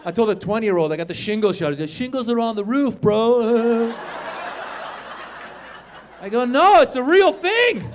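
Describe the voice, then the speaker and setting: On a comedy club stage, a man in his fifties works the crowd with loud, animated stand-up and shouted punchlines. His voice sits high, his pace is moderate with long pauses, and there's a slight hiss or hum in the recording.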